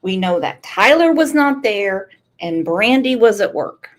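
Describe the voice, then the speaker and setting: A woman hosts a true crime show in an unhurried, earnest way, speaking straight to her viewers. Her pitch sits in a middle range and she takes her time over each thought. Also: expressive. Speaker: true crime channel host. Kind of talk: casual commentary on a livestream.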